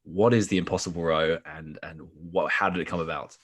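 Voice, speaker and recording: Eager low-voiced male host. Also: fairly even intonation, fairly quick, a bit bright. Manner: eager, repeats and restarts words while asking. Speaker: podcast host. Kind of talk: casual interview.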